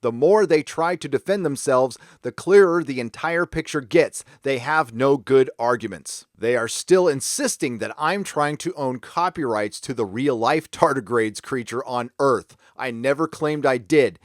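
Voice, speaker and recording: A man's voice: mid-range voice, unhurried, hardly any pauses, no echo, clean studio sound. A man hosting a commentary vlog who talks emphatically and drops sarcastic asides. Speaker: commentary channel host.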